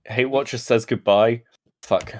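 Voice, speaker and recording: A man's voice: mid-range voice, steady tone, unhurried. A British man chatting on his livestream in an everyday mid-range voice. He swears freely and slips into exasperated pleading, jumping between topics as chat comes in. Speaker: streamer host.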